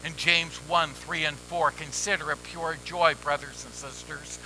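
A man preaching a sermon as pastor, measured and emphatic with deliberate pauses. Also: fairly high pitch, steady tone, pushed and bright, slight background noise, rough recording.

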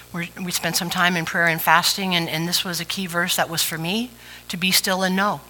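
A woman's voice: lowish voice, bright, forceful tone, low-quality recording. A woman preacher giving a chatty, playful sermon with asides to the congregation. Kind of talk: conversational sermon.

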